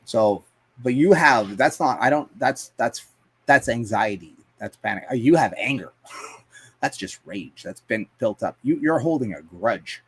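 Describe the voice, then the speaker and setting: A man's voice: medium pitch, animated, measured pace, breathy edge. Profane rambling man on a livestream. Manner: profane, rambling storytelling with frequent fillers and laughs. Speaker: livestream host. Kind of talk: casual livestream chat, reading viewer comments.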